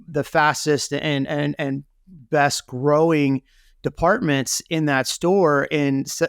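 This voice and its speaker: A man's voice: mid-range voice, vocal fry, dry recording, clean studio sound. A man being interviewed as a guest, telling a candid story with lots of "you know" and "right?" fillers. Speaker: real estate team leader, guest.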